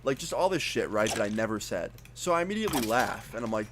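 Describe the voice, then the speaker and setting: A man's voice: on the low side, fast, few pauses, background noise. A young man telling a casual, profane storytime as a YouTuber, acting out his own lines. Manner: casual, profane, animated retelling. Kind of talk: storytime vlog.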